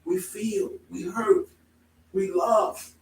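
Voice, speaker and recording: Guy giving a sermon, pretty high voice, heard from across an echoey room, gets loud and emphatic. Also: extremely slow, recorded from a distance. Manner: emphatic, swings between calm explaining and loud exclamations. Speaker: preacher. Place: congregation hall.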